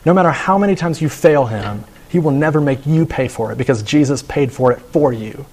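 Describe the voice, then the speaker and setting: Man, pastor, sermon, earnest, storytelling, mid-range pitch. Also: lively intonation, a little mellow. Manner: earnest, storytelling with pauses and slow emphasis.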